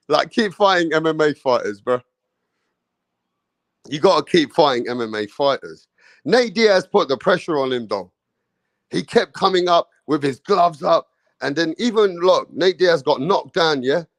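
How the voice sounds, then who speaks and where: Slow-talking excitable man. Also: a little high, dry recording, studio quality. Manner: excitable, laughing, slangy. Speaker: boxing commentary vlogger. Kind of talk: casual reaction commentary.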